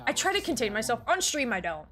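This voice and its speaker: A woman streaming a game, chatting casually, excitable and swearing a lot. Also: fairly high pitch, fast talker, crowd noise. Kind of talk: casual gaming chat.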